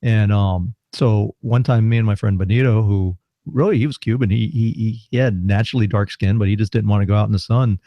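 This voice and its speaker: A man's voice: on the low side, fairly quick, few pauses, no room sound. A middle-aged man from South Florida, co-hosting a podcast, telling casual anecdotes and laughing as he goes. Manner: laughs through animated anecdotes. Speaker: podcast co-host. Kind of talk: casual storytelling chat. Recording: muffled lo-fi recording.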